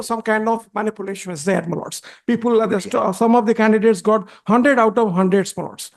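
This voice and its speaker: Man, high-pitched, courtroom argument, halting, deferential, repeats "my lords". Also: steady tone. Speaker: advocate arguing before a judge.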